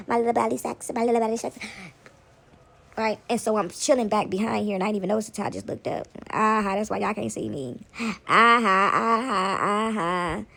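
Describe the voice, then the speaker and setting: A woman's voice: medium pitch, slight background noise. A woman at home giving casual spiritual commentary to her viewers, rambling and repeating herself and slipping into mocking voices. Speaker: vlogger. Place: at home, sitting back among laundry.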